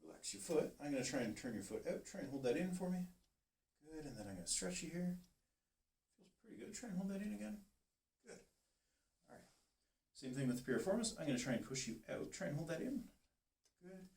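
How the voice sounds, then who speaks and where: A man working as a chiropractor, calmly talking a patient through muscle tests and encouraging her step by step. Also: a little high, a little fast, pauses often. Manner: calm, steady, encouraging coaching. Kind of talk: giving instructions during a treatment session. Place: treatment room. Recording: roomy, distant, faint hiss.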